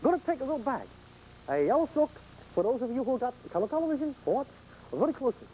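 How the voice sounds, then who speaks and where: A bumbling male stage magician in a Polish accent, broken English and chuckling showmanship, as a man puts him on for 1970s TV. The voice is mellow and swoops around a lot. He coaxes the audience to observe every step. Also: extremely high pitch, sing-song, quick pace, slight background noise, rough recording. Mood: showy. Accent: put-on Polish. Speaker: TV horror host doing magic. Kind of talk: 1970s TV horror host performance.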